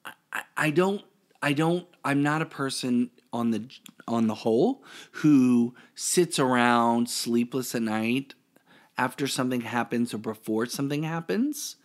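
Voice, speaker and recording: A man's voice: medium pitch, measured pace. A man chats loosely as a guest on a podcast, self-deprecating and easygoing, often trailing off mid-thought. His voice sits in an ordinary middle range. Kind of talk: casual interview.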